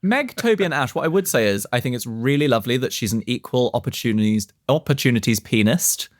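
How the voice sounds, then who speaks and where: Man, podcast co-host, casual chat, wry, deadpan, mid pitch, dry close recording. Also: quick pace, no room sound. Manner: dry, wry agony-uncle advice.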